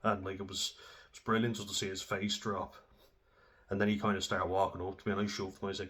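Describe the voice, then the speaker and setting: A man's voice: low-pitched, level tone, fast, fairly bright tone. Sweary young Irish man telling stories. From Ireland. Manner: casual, sweary, self-deprecating. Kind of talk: candid personal storytelling.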